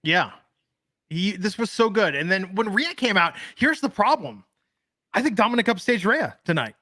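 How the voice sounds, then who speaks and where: Bright, dry-sounding man podcasting. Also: high-pitched, sing-song, normal speed, no echo. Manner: joking, rambling, swears freely. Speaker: podcast co-host. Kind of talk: casual wrestling podcast chat.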